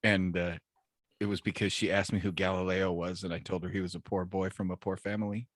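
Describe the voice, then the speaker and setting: A man in his forties, a podcast co-host, telling puns and jokes in deadpan style and laughing at his own lines. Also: low-pitched, brisk, no echo, studio quality. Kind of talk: casual joke-telling banter.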